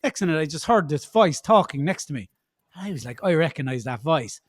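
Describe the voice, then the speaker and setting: A man's voice: fairly high pitch, animated, a little fast, dry recording, clean studio sound. A man with an Irish accent, co-hosting a casual podcast chat and telling a story with laughs and restarts. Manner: storytelling, laughs while telling, repeats words. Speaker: podcast co-host.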